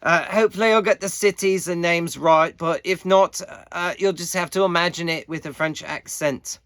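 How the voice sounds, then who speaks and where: A man giving a casual, halting competition update, full of fillers and pauses. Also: on the high side, a bit bright, no echo, studio quality. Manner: halting, many fillers, unhurried.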